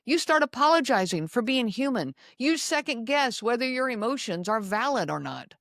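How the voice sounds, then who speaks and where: A woman hosting a podcast, speaking slowly and emphatically to her listeners and repeating key lines. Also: on the high side, sing-song, a bit bright, no room sound, clean studio sound. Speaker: podcast host. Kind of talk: solo talk to listeners.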